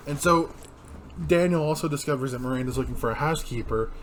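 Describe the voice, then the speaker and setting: A man's voice: medium pitch, fast, a loud crowd. A young man co-hosting a casual movie review podcast, retelling scenes and quoting lines between laughs. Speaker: podcast co-host.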